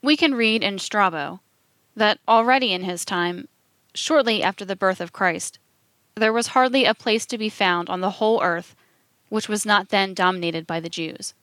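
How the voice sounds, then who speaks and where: A woman's voice: mid-range voice, normal speed, fairly bright tone, no room sound, close to an everyday voice. A woman reading the lines of a stern older man who lectures a friend emphatically. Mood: lecturing. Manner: emphatic, declaiming.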